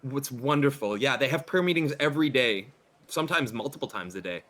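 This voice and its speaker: A man voicing an excitable, effusive woman who gushes about her church, halting with many fillers. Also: mid-range voice, close to an everyday voice. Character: gushing, excitable female churchgoer friend.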